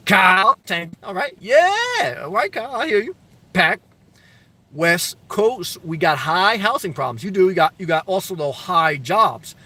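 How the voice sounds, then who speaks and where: A man's voice: high-pitched, bright, forceful tone. A middle-aged man hosting a live stream, reading viewer comments aloud and giving blunt, loose advice in casual chat full of fillers and restarts.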